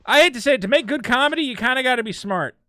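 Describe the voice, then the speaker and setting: Bright crisp-voiced male call-in host. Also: extremely high pitch, rapid-fire, no echo. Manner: animated, swings to loud mock shouting. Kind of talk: call-in show chat.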